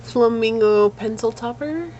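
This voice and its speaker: A woman's voice: a little high, a little slow, darkish tone, lo-fi sound, a little hiss or hum. A woman giving a tarot reading in an earnest, emotional, spiritual way. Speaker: tarot reader.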